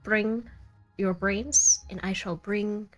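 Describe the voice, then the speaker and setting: A woman's voice: medium pitch, steady tone, slow. Woman, game master, bubbly and giggly, casual stream sign-off, faint music bed. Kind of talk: casual chat wrapping up a live tabletop stream.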